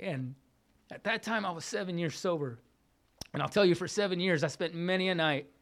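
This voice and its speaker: A middle-aged man giving a casual, heartfelt recovery testimony, often repeating phrases and calling listeners "man.". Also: a little high. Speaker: speaker sharing at a recovery meeting.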